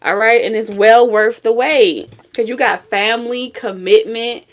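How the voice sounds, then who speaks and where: A woman's voice: a little high, fairly even intonation, a little slow. A woman giving a tarot reading, talking in a blunt, profane, scolding way with lots of repetition. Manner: blunt, profane, scolding street talk with sudden laughs and singing. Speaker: tarot reader.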